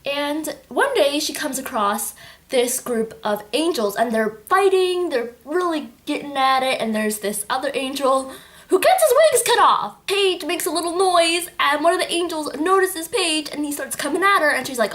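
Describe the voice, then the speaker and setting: Lively high-voiced woman reviewing a book. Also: normal speed. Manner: animated, gushing, with acted-out quotes. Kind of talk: casual book review vlog.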